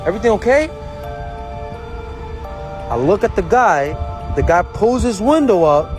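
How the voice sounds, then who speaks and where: A man's voice: high-pitched, moderate pace, music in the background, low-quality recording. Heated man ranting through a story. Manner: animated, heated, profane storytelling. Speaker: social media poster. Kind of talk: profane storytime rant. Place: parked car.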